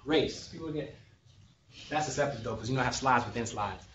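A man's voice: medium pitch, fairly quick, noisy background. A man giving a conversational lecture as a sociologist, joking and often checking in with his audience. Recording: echoey room, distant and dull.

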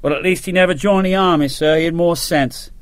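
A man's voice: fairly high pitch, a little fast, clean tone, no room sound, close to an everyday voice. A man voicing a wry, blunt rifle officer. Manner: dry, joking, barks orders.

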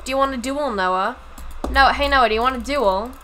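A woman's voice: high voice, normal speed, fairly bright tone, soft background music, poor audio. A woman streaming a game live, chatting casually and giggling, with a self-deprecating manner.

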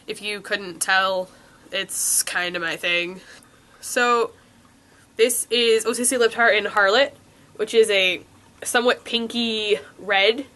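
Young woman with a stuffy nose rambling through a makeup review, crisp bright voice, lots of ums. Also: on the high side. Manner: chatty, rambling, with many ums and likes. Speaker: beauty vlogger. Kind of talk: casual product review. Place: room with a window.

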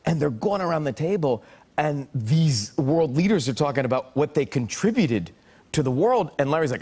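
A man's voice: fairly high pitch, normal speed, husky. A man telling a talk show host a funny personal story, acting out what people said. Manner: animated storyteller, acts out quotes. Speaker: guest. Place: TV studio with audience.

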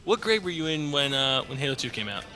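A man's voice: on the high side, sing-song, fast, pushed and bright. A young man cracking crude jokes in casual banter while commentating a video game with a friend. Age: young adult. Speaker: gaming channel host. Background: game music.

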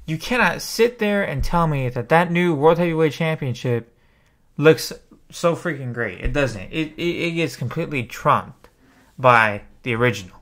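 Man, fed-up vlog rant, fairly high voice, swears a lot. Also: lively intonation, normal speed, a bit bright. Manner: exasperated, ranting, swears freely. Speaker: wrestling YouTuber. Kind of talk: opinion rant to camera.

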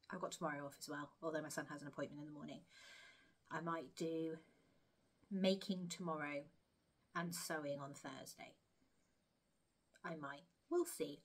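A woman's voice: sits low, fairly bright tone. A woman chatting casually to camera about her crochet projects, rambling and self-deprecating. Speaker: crochet vlogger.

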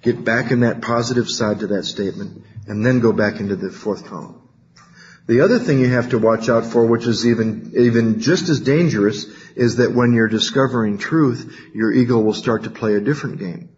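A man's voice: normal speed, darkish tone. A man from California speaking at a recovery workshop, telling stories and acting out quoted voices. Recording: dull low-fidelity recording, faint hiss.

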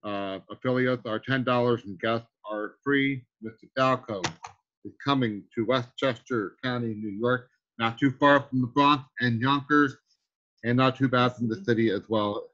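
A man's voice: medium pitch, normal speed, fairly bright tone. A man hosting a weekly team training call, effusive and calling people sir and brother. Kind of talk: motivational conference-call hosting. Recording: slightly muffled call audio.

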